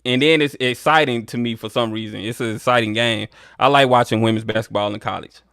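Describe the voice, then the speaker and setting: Smooth-voiced man hosting a sports stream. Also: medium pitch, fairly quick, no room sound, studio quality. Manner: relaxed, talks to viewers as y'all. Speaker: live stream host. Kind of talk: casual sports chat.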